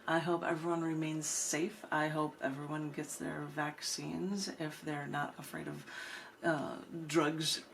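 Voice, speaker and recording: A woman's voice: low-pitched, little pitch movement, measured pace, vocal fry, slight background noise. A woman poet hosting an open mic, reading her poems and chatting between them in an easygoing, conversational way. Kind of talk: poetry reading with casual chat.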